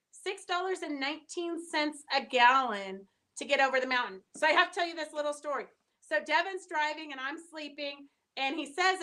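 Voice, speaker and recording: A middle-aged woman with a high, sharp voice chats casually on a live stream. She answers viewer comments and tells stories, talking in a chatty way with lots of fillers.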